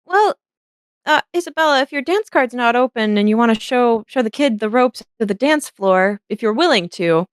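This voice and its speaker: A woman voicing a bubbly upper-class lady painter who gushes in high, bright exclamations. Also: expressive, moderate pace, no echo, clean studio sound, lightly acted. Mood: gushing. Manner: gushing, breathy high exclamations.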